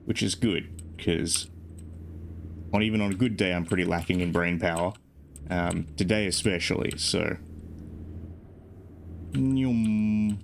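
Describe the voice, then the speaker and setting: A man's voice: deep voice, measured pace, gravelly, long pauses, slight background noise. A sleep-deprived man streaming a driving game, rambling casually with self-deprecating jokes. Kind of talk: casual gameplay commentary.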